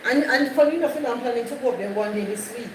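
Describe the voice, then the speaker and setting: A woman hosting a live stream, chatting with her viewers and circling back over her points. Her voice sits a bit high. It carries echo and steady background noise. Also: very fast, recorded from a distance. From Jamaica. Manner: chatty, repeats herself, greets viewers by name. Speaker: livestream host. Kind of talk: casual live chat with viewers. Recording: echoey, off-mic, noisy background.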